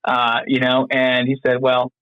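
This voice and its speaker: A man's voice: mid-range voice, completely flat delivery, a little slow, smooth, dry recording, lo-fi sound. A man from North Carolina, a podcast guest, chatting casually and rambling with plenty of fillers and restarts. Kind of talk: casual interview chat.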